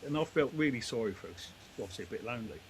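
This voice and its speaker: A man's voice: mid-range voice, animated, rapid-fire, slight background noise, low-quality recording. A middle-aged man, a demolition company head, telling stories in a rambling, down-to-earth way. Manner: rambling, down-to-earth, lots of fillers. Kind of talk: casual storytelling chat.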